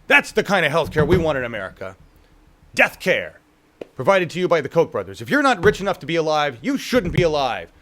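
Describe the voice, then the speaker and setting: Guy ranting on a talk show, swears a lot, voice jumps all over, kinda high. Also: sing-song, a little fast, fairly bright tone. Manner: profane, mocking, acts out politicians in quotes. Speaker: co-host. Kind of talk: casual political commentary.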